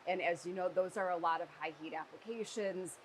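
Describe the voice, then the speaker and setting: A woman talking casually as a guest, explaining food flavors in an animated, chatty way. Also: on the low side, a little fast, slight background noise, rough recording. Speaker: guest flavor company representative. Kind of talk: casual chat.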